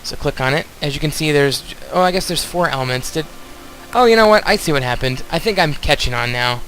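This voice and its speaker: A man's voice: fairly high pitch, animated, brisk, a bit bright, slight background noise, poor audio. A young man casually commenting on a video game as he plays, rambling and talking straight to his viewers. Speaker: let's play host.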